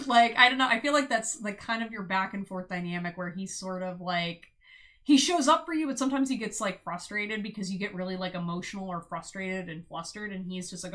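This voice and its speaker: A young woman streaming a casual tarot reading, bubbly and giggly, with sudden loud exclamations and lots of "like". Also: medium pitch, animated, normal speed.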